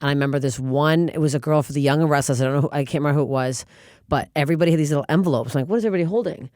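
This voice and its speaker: A woman's voice: deep voice, very fast, no echo, studio quality. A woman comedian, a guest on a podcast, telling stories in casual chat with lots of swearing. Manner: animated, profane storytelling.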